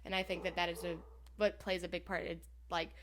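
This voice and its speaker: A woman's voice: on the low side, level tone, brisk, noisy background. Female podcast co-host, eager and chatty, easygoing conversational delivery. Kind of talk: casual chat reviewing a TV episode.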